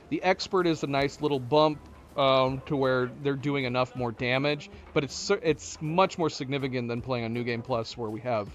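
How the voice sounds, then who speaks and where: A man's voice: medium pitch, lo-fi sound. A man streaming a video game, talking casually and thinking aloud with many restarts and fillers. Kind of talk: casual live-stream commentary.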